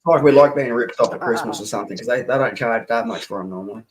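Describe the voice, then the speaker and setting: A man's voice: mid-range voice, fast, crowd noise. An Australian man in sweary, blokey casual banter on a live stream, explaining food facts.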